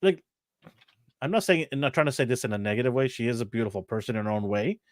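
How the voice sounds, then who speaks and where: A man co-hosting a laid-back chat, sounding close and dry with no room around him. He talks at a middle pitch, rambles, repeats words and laughs often. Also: lively intonation, fast, no room sound. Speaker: co-host. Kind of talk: casual chat.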